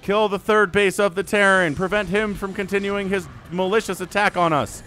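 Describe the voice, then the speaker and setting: A man's voice: high voice, fairly even intonation, normal speed, bright, forceful tone, slight background noise, voice pushed up. A man voicing an earnest alien swarm. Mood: mock-solemn.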